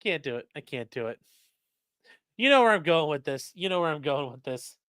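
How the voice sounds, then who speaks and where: This podcast co-host reads sponsor spots during a casual livestream chat, joking through them with a sarcastic, rambling, deadpan streak aimed at the chat. His voice is slightly higher, bright and forceful, and fairly quick. A close mic yields a dry, dead-sounding recording with no room around him.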